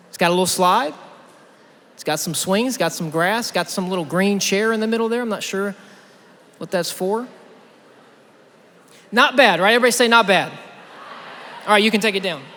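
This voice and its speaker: A young man preaching at a youth conference, telling a lively story and talking straight to the crowd. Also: high voice. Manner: energetic storytelling, addresses the crowd directly. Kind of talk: sermon. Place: large church auditorium. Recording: long hall reverb.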